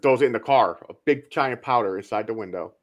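A man in a loose, foul-mouthed podcast chat walks through a slasher film scene by scene, jumping into the characters' lines as he goes. His voice sits at an ordinary pitch. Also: brisk. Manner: profane, animated retelling of scenes. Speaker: podcast co-host. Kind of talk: casual movie review chat.

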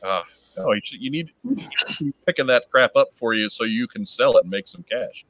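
A man's voice: mid-range voice, lively intonation, fairly bright tone, no echo, low-quality recording. A man co-hosting a casual podcast, joking around and reading listener mail aloud. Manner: joking, quick banter. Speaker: podcast co-host.

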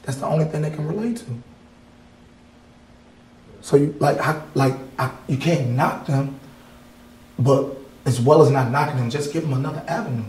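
A man's voice: on the high side, moderate pace, long pauses, a little mellow, roomy sound, poor audio. A male artist from Wisconsin talking in a casual interview in an art gallery, blunt and heated, swearing freely. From Wisconsin, USA. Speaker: artist guest.

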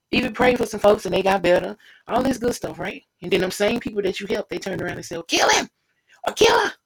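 Casual devotional preacher, rough husky voice, fervent and repetitive, addresses the listener directly. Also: mid-range voice, low-quality recording. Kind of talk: informal devotional sermon.

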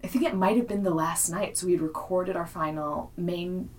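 A woman's voice: fairly low pitch, moderate pace. Chatty woman co-host, slightly distant mic. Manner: chatty storyteller, acts out quotes. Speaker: podcast co-host. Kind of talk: casual chat.

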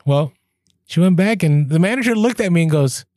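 Podcast co-host, male, storyteller who acts out dialogue, lively delivery, dry mic. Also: a little high, moderate pace, no room sound. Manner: animated storyteller, acts out quoted exchanges. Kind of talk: casual chat.

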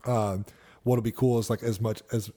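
A man's voice: fairly low pitch, flat delivery, moderate pace, warm tone, husky. A man co-hosting a podcast in casual chat, laid-back and swearing freely. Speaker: podcast co-host.

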